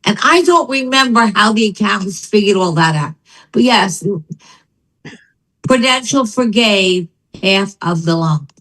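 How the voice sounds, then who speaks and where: An older woman, a business founder and guest, telling her story in an interview with emphatic, animated delivery. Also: medium pitch, a little slow, rough recording.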